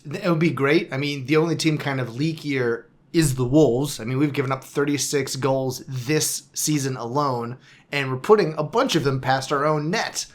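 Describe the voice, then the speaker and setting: A man's voice: mid-range voice, moderate pace. A man co-hosting a casual football podcast, chatting in a wry, self-deprecating way about his team's results. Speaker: podcast co-host. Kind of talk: casual sports chat.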